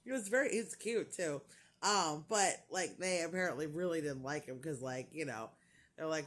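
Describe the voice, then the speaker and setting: This is a woman chatting straight to her camera at home. Her voice sits a little low, and she tells her story loosely, laughing along the way and putting on voices for the people she quotes. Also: normal speed, fairly bright tone. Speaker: crochet vlogger. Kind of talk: casual chat.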